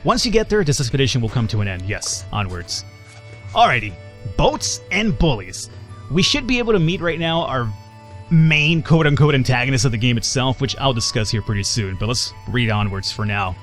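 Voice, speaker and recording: A chatty man narrating his gameplay in a casual let's play, thinking out loud and poking fun at himself. His voice sits at a middle pitch but moves up and down with lively energy. Faint game music runs underneath. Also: moderate pace. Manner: chatty, self-deprecating, thinks aloud.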